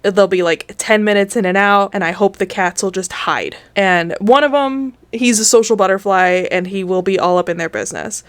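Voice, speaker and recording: A woman hosting a game video, chatting casually with rambling, candid storytelling and a tired, low-energy tone. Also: normal speed, few pauses, clear, resonant tone, no room sound. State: tired, low energy after an emotional day. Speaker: gaming video host. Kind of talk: casual chat while playing a game.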